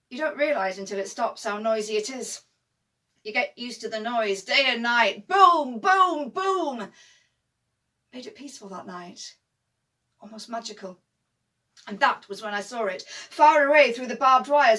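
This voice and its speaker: Actress as young Northern English WWI nurse, broad dialect, vivid storytelling, higher voice. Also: female voice, fairly bright tone, recorded from a distance. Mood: reminiscing. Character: young First World War nurse, warm-hearted, plain-spoken. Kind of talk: dramatic monologue.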